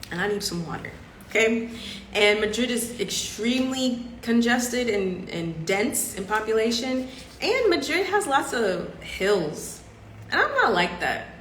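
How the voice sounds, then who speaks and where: A woman, hosting a casual live-stream chat in an expressive, chatty way with frequent laughter. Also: fairly high pitch. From Southern United States. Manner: chatty and expressive, laughs often, acts out other people's lines. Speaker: podcast host. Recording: echoey room with faint background hum.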